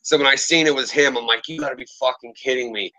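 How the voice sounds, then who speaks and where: Casting note: man in his thirties, bright edge, loose and profane storyteller. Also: medium pitch, quick pace, rough recording. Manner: profane, animated storyteller with lively quoted voices. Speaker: streamer telling stories. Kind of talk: casual storytelling chat.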